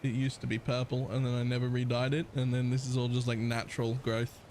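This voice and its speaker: A man's voice: mid-range voice, little pitch movement, brisk, a little mellow, slight background noise, low-quality recording. A man with a partly Australian accent, chatting casually as a live streamer, rambling, laughing often and swearing.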